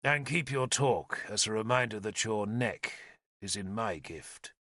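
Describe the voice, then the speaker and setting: A man voicing a calm, commanding warlord who speaks low and measured. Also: no echo, clean studio sound, heavily acted. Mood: stern. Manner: low, measured, quietly stern.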